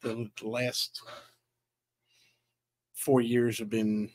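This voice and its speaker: A man's voice: medium pitch, little pitch movement, slight background noise. A man chatting casually, hesitating and searching for the right word. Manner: slow, hesitant, searching for words. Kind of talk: casual chat.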